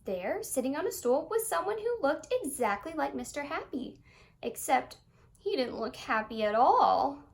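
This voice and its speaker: A woman reading a children's picture book aloud in an expressive, singsong storytelling manner. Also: high voice, moderate pace, vocal fry.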